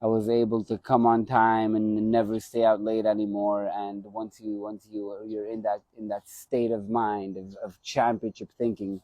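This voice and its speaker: Guy who used to box, chatting on a live stream, mellow low-key voice, dry close sound, keeps repeating himself. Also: monotone, normal speed, hardly any pauses, no echo. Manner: rambling, repeats his phrases. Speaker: former boxer hosting a live stream. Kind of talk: casual live-stream reminiscence.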